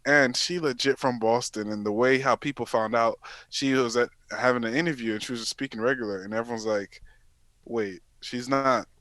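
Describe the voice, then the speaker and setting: A man co-hosting a casual podcast, telling stories with lively acted-out quotes. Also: medium pitch, brisk, no room sound. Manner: animated storytelling, acting out quotes. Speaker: podcast co-host. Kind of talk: casual chat.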